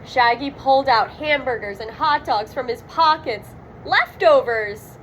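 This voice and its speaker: A woman narrates a children's storybook aloud in a high, bright register. She takes her time over every line. She gives the sound words real dramatic weight. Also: unhurried, slight background noise, poor audio. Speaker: storybook reader.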